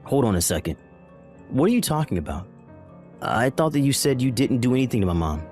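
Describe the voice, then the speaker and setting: A man's voice: medium pitch, very animated, a little fast, a little mellow, soft background music, close to an everyday voice. A man voicing a bewildered husband who keeps asking alarmed questions. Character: bewildered husband, pleading and confused. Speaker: husband in a text-message story.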